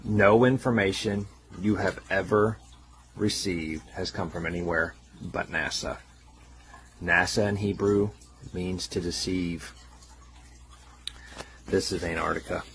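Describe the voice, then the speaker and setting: Deep, slow, preachy man. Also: fairly even intonation, a bit bright, a little hiss or hum. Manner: insistent, preachy. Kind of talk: insistent lecture.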